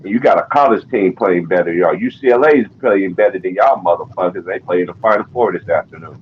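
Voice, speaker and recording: A low-voiced man talking fast rants as a guest on a sports panel call, profane and exasperated in the heated discussion. The call audio is dull and lo-fi with faint noise.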